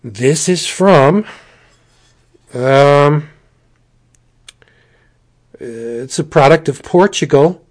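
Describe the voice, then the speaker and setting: A man hosting a casual podcast, joking and rambling through a sponsor read with playful asides. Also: a little high. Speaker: podcast host.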